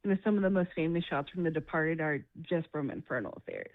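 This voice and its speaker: A woman with a fairly low voice chats casually and agreeably, often laughing along. Her audio sounds thin and tinny, like a phone line. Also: fast talker, no echo. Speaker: podcast guest. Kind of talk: casual chat.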